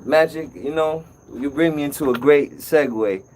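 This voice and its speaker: A man hosting a casual live-stream call-in show as an appliance repair technician, telling stories in an animated way. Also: a little high, normal speed, a little hiss or hum, low-quality recording. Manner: animated storytelling, acts out customer's voice.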